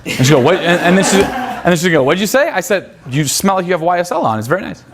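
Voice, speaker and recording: A man's voice: sits high, sing-song, quick pace, background noise. A man teaching a seminar class in a crude, profane manner. He quizzes his students and acts out pickup lines. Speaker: seminar instructor.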